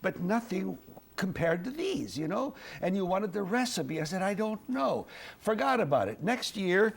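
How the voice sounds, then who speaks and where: An older male TV weatherman tells a funny story from the studio. His voice is gravelly and a bit high for a man, and his delivery is wry and chuckling. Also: sing-song, normal speed, a little hiss or hum. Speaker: TV weatherman and host. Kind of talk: humorous anecdote storytelling.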